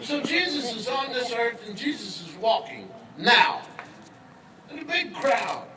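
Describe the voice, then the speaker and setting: A man's voice: very high voice, sing-song, unhurried. An older man giving a humorous commencement speech, a folksy storyteller who teases his audience in a large hall. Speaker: commencement speaker. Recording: echoey hall, distant mic, crowd noise.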